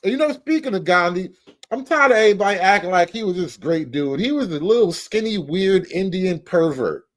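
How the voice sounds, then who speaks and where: A man hosting a comedy commentary show, profane and mocking, stretching out names slowly. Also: sits high, lively intonation.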